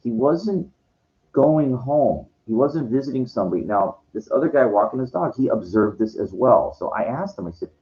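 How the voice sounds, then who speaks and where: A man's voice: medium pitch, lively intonation, moderate pace. A man talking in a meandering, profane vlog monologue, full of "you know" and "like". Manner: meandering, profane, heavy with fillers. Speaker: vlogger. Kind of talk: rambling monologue. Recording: dull lo-fi sound.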